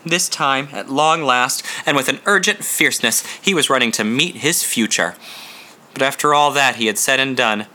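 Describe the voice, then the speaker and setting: A male audiobook narrator with a very bright, sharp-edged voice. He tells the story in a measured, dramatic way, at a middling pitch for a man.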